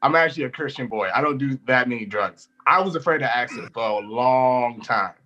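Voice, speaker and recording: A young man, a comedian, chatting casually and telling animated stories, laughing often and swearing freely. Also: mid-range voice, fairly quick, highs cut off. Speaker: comedian guest. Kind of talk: casual storytelling chat.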